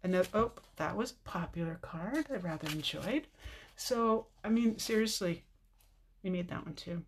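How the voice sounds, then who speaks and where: An older woman hosting a casual live craft stream, chatting warmly with viewers, teary with a slightly stuffy nose. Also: lowish voice, moderate pace, a little hiss or hum. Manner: chatty and tearful, reading viewer comments. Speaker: card-making video host.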